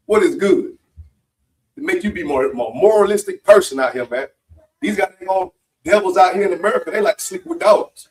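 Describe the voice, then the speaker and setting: A man exhorting a religious group in a forceful, profane manner, repeating lines for emphasis. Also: high voice, a little fast. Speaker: member speaking at a religious meeting. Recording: mic far off.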